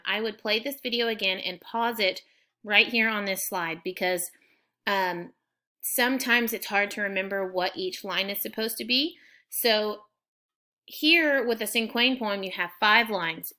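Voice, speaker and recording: A woman teacher giving a recorded lesson to students, explaining clearly and patiently step by step. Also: mid-range voice, pushed and bright.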